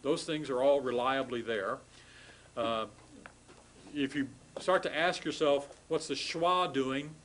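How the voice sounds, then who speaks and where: A man giving a recorded classroom lecture on grammar, explaining patiently, sounding out word forms slowly, and apologizing wryly for irregular forms. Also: mid-range voice, a bit bright, a little hiss or hum, poor audio. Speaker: language instructor.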